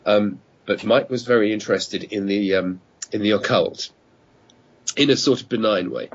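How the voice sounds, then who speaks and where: A man's voice: on the low side, normal speed, a little hiss or hum. A middle-aged man telling rambling anecdotes as a guest, often stopping to correct himself. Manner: rambling storyteller who restarts and corrects himself. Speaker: guest, radio producer. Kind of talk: casual chat, anecdotes. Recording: muffled online call audio.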